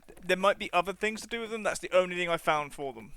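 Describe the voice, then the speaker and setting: A man's voice: high voice, fast, clean tone. A man streaming a farming game, rambling and trailing off as he plays and reads chat. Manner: rambling, trailing off, muttering to himself. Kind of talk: casual let's-play commentary. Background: soft game music.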